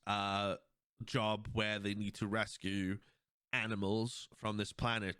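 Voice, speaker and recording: A young man hosting a casual podcast chat, rambling and animated as he retells scenes. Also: lowish voice, smooth, dry recording, clean studio sound. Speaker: podcast host.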